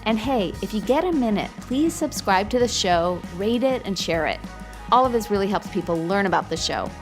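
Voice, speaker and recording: A woman's voice: medium pitch, expressive, normal speed, faint music behind. A woman hosting a podcast as a physician, explaining in an earnest, informative way.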